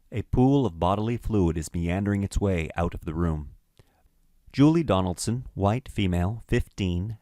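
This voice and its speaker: A man narrating a screenplay's stage directions in a measured, matter-of-fact way. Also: deep voice, darkish tone, dry recording, clean studio sound.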